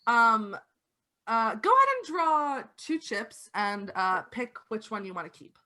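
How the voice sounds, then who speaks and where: Brief: woman game master, slightly high voice, chatty rules explanations. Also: sing-song, measured pace, sharp tone. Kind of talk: narrating a tabletop game on a stream.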